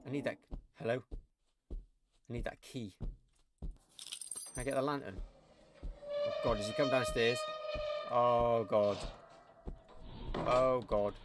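A man's voice: mid-range voice, steady tone, slow, pauses often. A man commenting on a horror game as he plays, jumpy and rambling, talking to himself. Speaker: gamer. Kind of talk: let's play commentary. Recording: noisy home recording.

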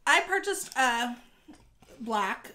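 Woman vlogger chatting while she eats, bright voice, tells stories with lots of energy. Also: on the high side, extremely slow. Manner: animated storytelling, chatty. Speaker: vlog co-host. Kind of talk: casual chat while eating.

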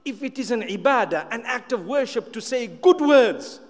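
A man with a very high voice for his sex preaches to a gathered audience, driving his points home by repeating them and slipping in wry asides. His words ring out with a long reverb, as if from a large hall. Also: lively intonation, normal speed. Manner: emphatic, repeats key phrases, light humorous asides. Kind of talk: sermon to a live audience.

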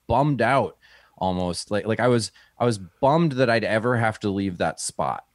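A man who is a comedian, telling a story in a relaxed interview and acting out the people he quotes in a higher voice. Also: normal speed, dry recording, clean studio sound. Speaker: stand-up comedian, guest.

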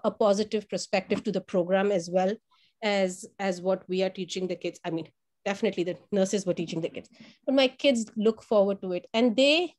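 A woman who runs a child care program, telling stories about the children in a lively conversational way, acting out quotes and often repeating words. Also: mid-range voice. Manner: animated storyteller who acts out quotes in a raised voice; repeats words while thinking. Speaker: family child care provider. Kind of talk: conversational testimonial.

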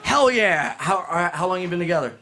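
A man performing a live stand-up set, loud and profane, talking to the crowd and breaking into shrieking bits. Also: high voice, expressive, fairly quick. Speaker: stand-up comedian. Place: comedy club with live audience. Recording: noisy live club recording.

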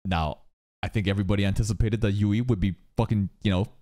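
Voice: low voice, fast. A streamer reacting live to an anime episode, swearing often, exclaiming and laughing while talking over the show. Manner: excitable and profane, swearing often. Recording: anime soundtrack playing loud behind.

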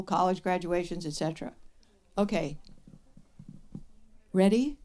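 An older woman hosting a live advice show, telling stories and answering questions in a blunt, wry and lively way. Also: mid-range voice. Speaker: radio advice host. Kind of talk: live show talk with an audience. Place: radio studio with live audience.

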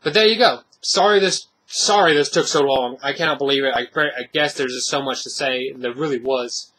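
A man's voice: medium pitch, moderate pace, sharp tone. A man giving a casual, rambling spoken movie review, full of fillers and restarts.

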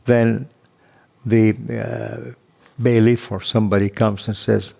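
An older man telling a personal story casually, unhurried and chuckling, acting out the dialogue. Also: fairly low pitch, little pitch movement, gravelly, warm tone.

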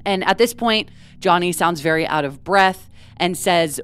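A woman co-hosting a true crime podcast, her voice smooth and clear and pitched a little low. She reads from a script and slips into casual asides now and then. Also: measured pace, fairly bright tone. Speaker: podcast co-host.

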